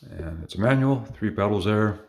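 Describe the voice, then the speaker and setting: Expressive and a little mellow, this fairly low male voice with vocal fry moves at normal speed. It belongs to a man from Canada doing a casual show-and-tell of his model car collection, rambling eagerly with many fillers and little corrections.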